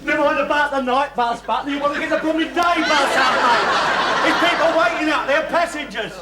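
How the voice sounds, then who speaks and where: Mocking bus inspector, snappy and sour, old 70s sitcom sound with crowd laughter. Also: male voice, extremely high pitch, fairly quick, heavy background noise. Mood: sneering. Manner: sneering, mocking, barking. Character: sarcastic middle-aged male bus inspector. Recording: 1970s TV sitcom with audience laughter.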